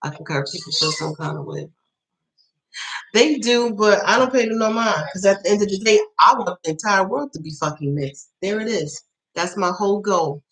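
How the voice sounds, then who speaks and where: A tarot channel host speaks at normal speed in a medium-pitched, slightly bright voice, captured on a low-quality recording. On her casual livestream she tells blunt, profane stories, laughs often, and voices her own past remarks as quotes.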